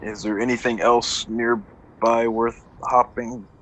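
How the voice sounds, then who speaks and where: A man's voice: medium pitch, flat delivery, slow, a bit bright. A man playing a tabletop game, chatting in a playful, jokey way. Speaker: player. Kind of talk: casual tabletop game chat. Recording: noisy online call audio.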